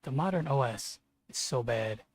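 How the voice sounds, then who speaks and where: A man with a husky voice talking to his stream as he codes, venting in frustrated, profane rants. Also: mid-range voice, lively intonation, moderate pace. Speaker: streamer programmer. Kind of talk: live coding stream commentary.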